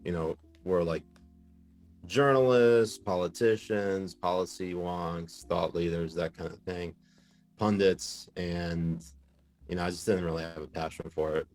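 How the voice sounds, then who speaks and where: A man's voice: deep voice, unhurried, faint music behind. A man in a casual podcast interview, telling stories with lots of fillers and bursts of laughter. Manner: animated, laughing storyteller with many fillers. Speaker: podcast guest, journalist.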